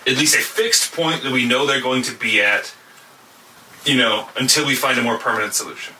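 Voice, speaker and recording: A man's voice: mid-range voice, a little fast, sharp tone, slight background noise. A man playing a tabletop game with friends, asking questions about the rules and joking around. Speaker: player. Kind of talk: casual tabletop chat. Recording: echoey room from a distance.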